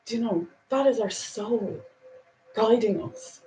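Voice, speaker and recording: A woman hosting a casual spiritual talk and reading angel cards, earnest and reflective, with soft laughs and a little emotion. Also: on the high side, takes it slowly, a little hiss or hum, poor audio.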